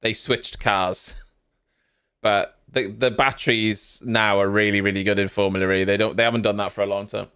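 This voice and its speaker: A man's voice: fairly low pitch, flat delivery, normal speed, pushed and bright, smooth. A man hosting a live stream, giving casual, rambling reaction commentary and often poking fun at himself. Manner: rambling, self-mocking, chatty.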